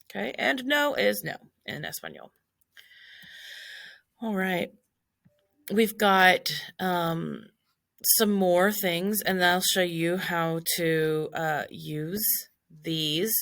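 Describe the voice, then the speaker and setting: Woman teacher, lowish voice, chatty walkthrough of notes, dry close recording. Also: slow, creaky, a bit bright, no echo. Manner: casual, explains step by step with many fillers. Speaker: Spanish teacher.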